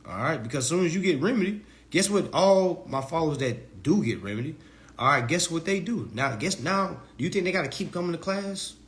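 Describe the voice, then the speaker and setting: A man giving a casual live-stream lecture as an online teacher, talking in loose slang and often jumping into high, mocking voices. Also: lively intonation, brisk. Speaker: online legal self-help teacher.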